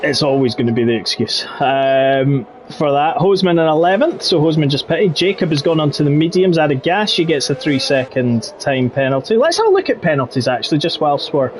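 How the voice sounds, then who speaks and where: A man giving live commentary on a sim racing league, getting excitable when the battles get close. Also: fairly high pitch, fairly quick, few pauses, slight background noise. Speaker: race commentator.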